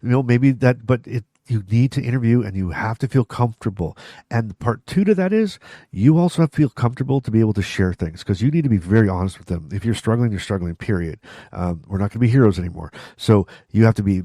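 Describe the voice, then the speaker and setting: A middle-aged man hosts his own vlog. He talks straight to the viewer in a casual, chatty way, often restarting sentences and tossing in asides. His voice is low and mellow, recorded dry and close. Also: expressive, fast talker, no room sound. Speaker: vlog host. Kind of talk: casual talk to camera.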